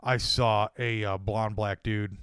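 A man's voice: fairly low pitch, fairly even intonation, slow pace, a bit bright, clean tone, dry recording. Podcast co-host, male, foul-mouthed joker, dry recording. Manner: crude, joking storyteller, laughs often. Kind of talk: casual chat.

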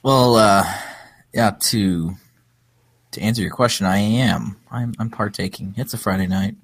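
A man's voice: lowish voice, unhurried, slightly rough, dry recording. A man co-hosting a podcast in casual chat, easygoing and hesitant, with many ums and restarts. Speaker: podcast co-host.

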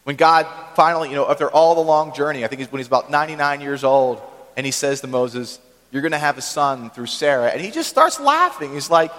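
A man preaching a sermon in a church, talking conversationally and checking in with the congregation with quick asides. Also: on the high side, lively intonation, fairly bright tone, long reverb tail. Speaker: pastor.

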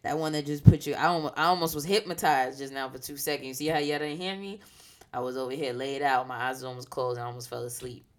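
Animated low-voiced woman chatting. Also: fast. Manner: animated, playful, laughing. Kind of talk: casual chat.

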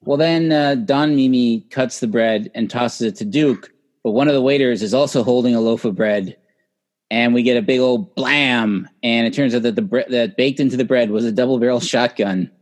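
A man co-hosting a casual film podcast, retelling scenes in an animated way and acting out the lines. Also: mid-range voice, moderate pace. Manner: animated storyteller who acts out lines. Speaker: podcast co-host. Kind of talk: casual chat about a film.

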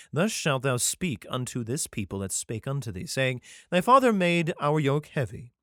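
A man with a medium-pitched voice, recorded dry in a clean studio, reads archaic scripture aloud as reader and commentator. He interrupts the verses with irreverent, profane comic asides and sometimes stumbles and restarts.

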